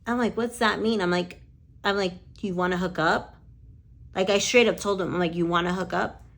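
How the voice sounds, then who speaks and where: Woman lash artist, gravelly, chatty storyteller with a foul mouth. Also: on the low side, fairly even intonation, moderate pace, fairly bright tone. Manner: chatty, quotes conversations with "I'm like", swears freely. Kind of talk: casual storytelling chat.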